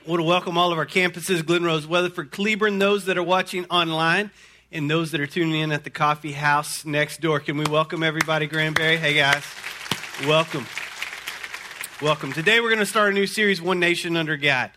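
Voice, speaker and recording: Preacher guy, pretty high voice, folksy, keeps repeating himself. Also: fairly quick, a faint crowd, slight background noise. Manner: folksy, energetic, repeats words often. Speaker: pastor. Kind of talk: sermon.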